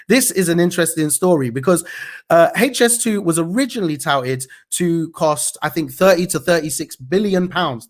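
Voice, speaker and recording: A man's voice: fairly high pitch, lively intonation, moderate pace. Slangy man ranting on the news. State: slight cough. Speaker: news show host. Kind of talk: casual news commentary.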